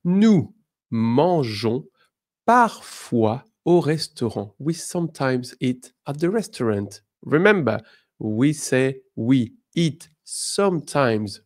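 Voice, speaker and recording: A man from France with a French accent teaching an online lesson, upbeat and encouraging, saying his examples slowly and carefully. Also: mid-range voice, very animated.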